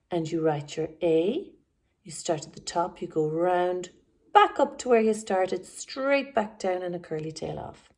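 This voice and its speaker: Slow, patient Irish woman teacher. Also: fairly low pitch, dark tone. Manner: slow, clear sounding-out of letters for small children. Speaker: primary school teacher. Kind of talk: remote phonics lesson for young children.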